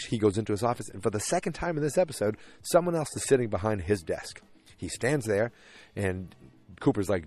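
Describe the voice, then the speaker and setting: A podcast host with a lowish, slightly mellow voice talks quickly through a recap of an episode. He rambles with asides, often restarts and leans on fillers, and slips into the characters' voices to replay their lines.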